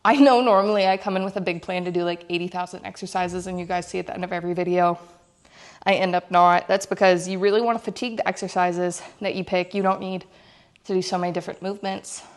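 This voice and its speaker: A woman's voice: on the low side, fairly even intonation, quick pace. A young woman filming a casual workout vlog in her home gym, chatty and laughing between sets, a little out of breath. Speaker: fitness vlogger.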